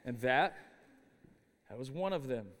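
A middle-aged man giving a chapel sermon, telling stories with an animated, humorous delivery. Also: medium pitch, a little slow, big-room sound. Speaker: chapel speaker. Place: university chapel.

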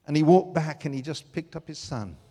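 An older man preaches in a slightly high voice that leaps around in pitch. He tells stories with emotion, shifting from loud bursts to near whispers. His voice rings through a large hall with a long echo. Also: animated, a little fast, slightly rough. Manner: emotional storytelling with big swings from loud to hushed. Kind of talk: sermon.

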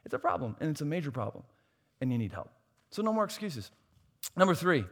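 Male pastor, sermon delivery, punchy repetition, slightly high voice, long hall reverb. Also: big pitch swings, brisk, fairly bright tone. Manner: emphatic preaching with repeated phrases and self-deprecating asides.

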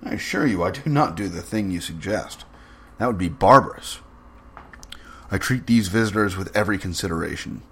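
A man's voice: low-pitched, expressive, brisk, a bit bright. Man doing a suave cruel old general. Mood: suave menace.

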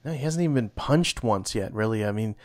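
A man's voice: lowish voice, expressive, a little fast, a little mellow. A man co-hosting a casual podcast chat, reacting with enthusiasm and shock to comic book events.

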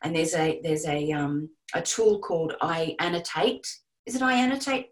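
A woman giving casual, animated advice on audiobook narration to a group. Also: low voice, unhurried, rough recording. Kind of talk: casual teaching talk to a group.

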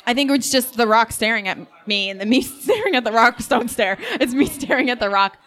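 A woman's voice: a little high, a little fast, fairly bright tone, soft background music. A woman playing a tabletop role-playing game, describing her character's actions in a playful, giggly way and laughing often. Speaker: player and game master. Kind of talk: improvised tabletop role-play.

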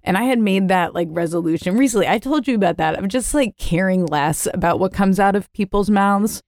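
A woman's voice: mid-range voice, a little fast, a little mellow, no room sound, clean studio sound. A woman co-hosting a casual conversation, thoughtful and chatty. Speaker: podcast co-host.

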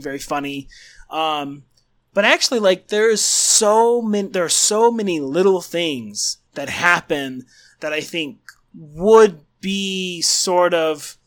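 A man with a bright, somewhat high voice co-hosts a relaxed book chat. He talks eagerly, circling his point and restarting sentences as he thinks aloud. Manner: enthusiastic, searching for words with many restarts. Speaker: podcast co-host. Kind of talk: casual book discussion.

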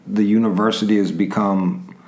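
A man with a fairly low voice answers as a guest writer, blunt and dry in his remarks. His voice carries an echo, as in a roomy space. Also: steady tone, moderate pace, a little mellow. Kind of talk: casual interview chat.

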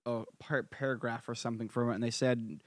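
A man's voice: mid-range voice, flat delivery, brisk, dry recording, studio quality. A man co-hosting a podcast, casual and joking, often stammering as he starts a thought. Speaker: podcast co-host.

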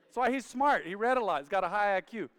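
A man preaching a sermon as a pastor, telling family stories in an animated way and acting out his father's lines loudly. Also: high voice, fast talker. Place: church sanctuary. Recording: reverberant church sanctuary.

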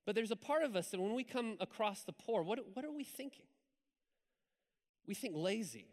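A man preaching a sermon in church, telling a story in a lively, conversational way with asides to the congregation. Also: high-pitched, moderate pace. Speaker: pastor. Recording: hall reverb.

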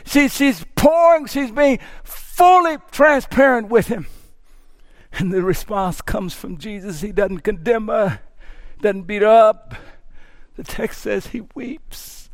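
A male pastor delivers a sermon in a high voice, dropping to near hushes and then climbing into fervent shouts. He stumbles over repeated words as his intensity builds. The sound is dry and close, with no room around it. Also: a little slow, dry recording. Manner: impassioned preaching, swings from hushed to shouting.

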